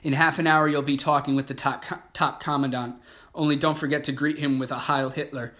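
A man's voice: mid-range voice, level tone, fairly quick, sharp tone, natural voice. A man voicing a mocking young male guard in an audiobook reading.

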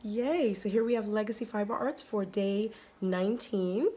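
A woman vlogging casually to her phone by a bright window at home, chatting and gushing over yarn with breathy exclamations. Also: mid-range voice, normal speed, background noise. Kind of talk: casual chat to camera. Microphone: phone camera.

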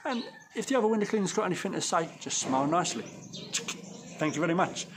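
A man's voice: high voice, animated, fast, noisy background. A man giving blunt, cheeky business advice to viewers in a casual vlog, recorded outdoors. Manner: blunt, cheeky, slangy, talks straight to viewers. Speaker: window cleaning business owner.

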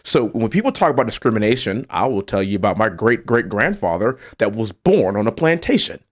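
A man's voice: lowish voice, sing-song, brisk. A man, a congressman, speaking emphatically on a political talk show and building to indignant peaks. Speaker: congressman guest.

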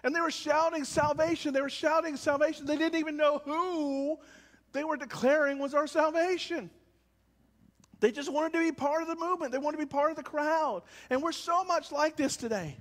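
A man pastor preaching a sermon, swinging between loud calls and quiet, low lines. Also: moderate pace, in a large hall. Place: church service, with cars passing by.

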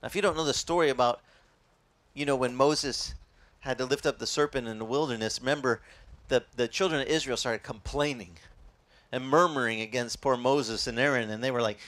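A male pastor preaching a sermon in a lively, conversational way, quizzing his audience. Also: medium pitch, normal speed.

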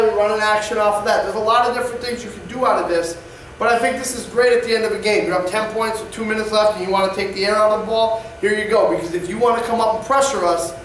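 A man's voice: sits high, fairly bright tone, a little hiss or hum. A male basketball coach explaining offense plays in an instructional presentation, often checking in with "all right?". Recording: echoey distant room mic.

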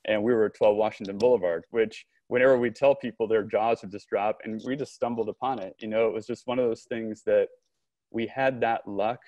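A man, a podcast guest and company co-founder, telling a long story in an animated conversational way, acting out remembered dialogue. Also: on the low side, a little fast, no echo, dull audio. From Southern California. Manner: animated storyteller, frequent restarts and quoted dialogue.

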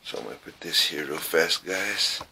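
A middle-aged man exploring an old abandoned trailer on a casual ghost-hunting vlog, talking in a halting, folksy way and repeating his words. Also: low-pitched, background noise. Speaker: paranormal vlogger.

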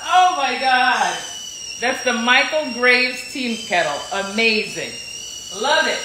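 A bright, lively woman chats with her live-stream viewers from her kitchen, laughing often between sentences. Her high voice swings up and down as she talks. The room gives her voice an echo. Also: takes it slowly, noisy background. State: sore neck. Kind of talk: casual live stream chat. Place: home kitchen. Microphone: phone.

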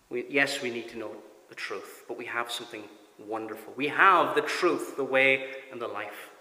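A man with a Cork Irish accent, preaching a sermon as pastor, earnest and sometimes dropping to a soft near-whisper. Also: mid-range voice, reverberant, long reverb tail. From Cork, Ireland. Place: church sanctuary.

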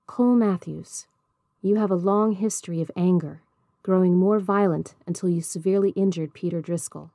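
A woman voicing a patient woman circle keeper in a storybook reading, measured and gentle. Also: fairly low pitch, dry recording, studio quality, natural voice. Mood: calm.

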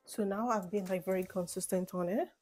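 A woman's voice: medium pitch, a little fast, soft background music. A young woman from Nigeria with a Nigerian accent, chatting casually in a rambling get-to-know-me vlog. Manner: chatty, rambling, animated asides. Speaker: vlogger.

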